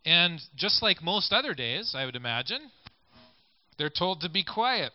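Man, preacher, conversational sermon, fairly high voice, muffled lo-fi recording. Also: sing-song, moderate pace. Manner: conversational, invites listeners to picture scenes. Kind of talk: sermon with scripture reading. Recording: dull lo-fi recording.

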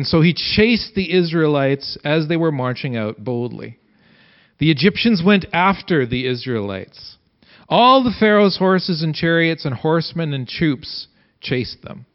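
A man reading scripture aloud and explaining it as a Bible teacher, having his listeners repeat lines after him. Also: on the high side. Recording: dull lo-fi recording.

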